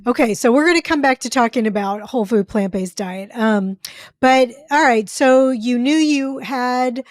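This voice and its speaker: A woman's voice: fairly high pitch, normal speed, no room sound, clean studio sound. A woman hosting a podcast interview who asks curious follow-up questions. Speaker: podcast host. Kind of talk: conversational interview.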